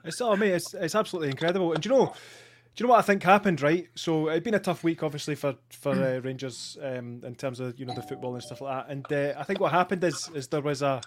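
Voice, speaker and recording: A Scottish man in a casual podcast chat over a call, animated and sweary, acting out little scenes. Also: a little high, fast talker, slight background noise.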